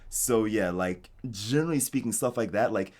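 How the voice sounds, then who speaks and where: An American man in a casual interview, talking in a relaxed, rambling way with lots of "like". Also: fairly low pitch, moderate pace. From United States. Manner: relaxed, rambling, heavy use of "like". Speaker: interviewee, game designer in Japan. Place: home streaming setup.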